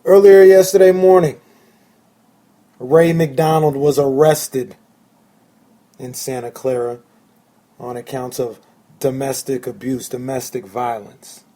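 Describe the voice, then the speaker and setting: A man hosting his own sports podcast alone, talking excitedly and emphatically and repeating phrases for effect. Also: medium pitch, slow pace, long pauses. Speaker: podcast host. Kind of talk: solo sports fan podcast.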